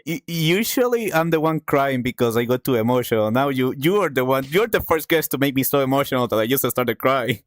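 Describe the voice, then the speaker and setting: A man hosting a casual chat stream, expressive and easily moved. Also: medium pitch, brisk, no room sound, studio quality. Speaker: host.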